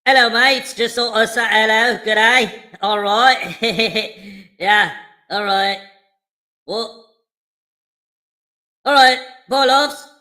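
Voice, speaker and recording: A man's voice: sits high, slow pace, pushed and bright, exaggerated voice. A man putting on a playful fake Australian voice for a jokey greeting. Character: man faking a cheery Australian.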